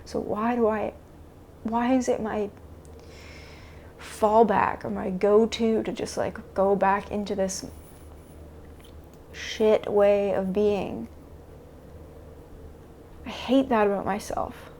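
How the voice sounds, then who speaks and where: A woman vlogging a confessional self-talk monologue to camera, halting and searching for words with many restarts. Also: mid-range voice, little pitch movement, warm tone, slight background noise. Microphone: camera mic.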